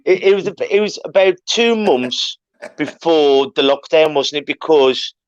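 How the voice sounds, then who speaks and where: A man's voice: a little high, animated, normal speed, clean tone, no room sound, dull audio. A man hosting a podcast who chats casually with his father, prompting him and chipping in. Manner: chatty, prompts and interjects. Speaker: podcast host, the guest's son. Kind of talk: casual family chat.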